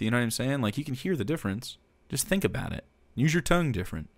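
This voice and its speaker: A male streamer rants bluntly and profanely at a clip he is reacting to. His voice sits at an ordinary middle pitch. The sound is close and dry, with no room in it. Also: big pitch swings, fast talker, no room sound. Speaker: streamer host. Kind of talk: live stream reaction commentary.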